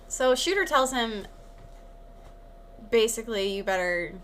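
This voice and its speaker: A woman's voice: on the high side, lively intonation, unhurried, a bit bright, a little hiss or hum. A woman co-hosting a podcast, chatting casually about a film and thinking aloud as she talks. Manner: conversational, thinks aloud with many likes. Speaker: podcast co-host.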